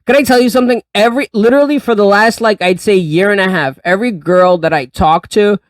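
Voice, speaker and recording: A man's voice: high voice, fast talker, no echo, distant mic. A man hosting a podcast in casual, tipsy banter, loose and profane, rambling with lots of restarts. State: drinking, tipsy. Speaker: podcast host. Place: small studio room full of art.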